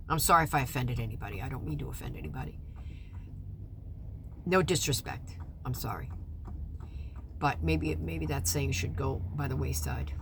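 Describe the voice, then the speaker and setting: A woman giving personal testimony about a custody hearing, halting and restarting often, rising to indignation and dropping to quiet apology. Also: lowish voice, very animated, slightly rough, no echo. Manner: halting, with many restarts and stammered repeats; swings between loud indignation and quiet apology. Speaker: mother recounting a custody case.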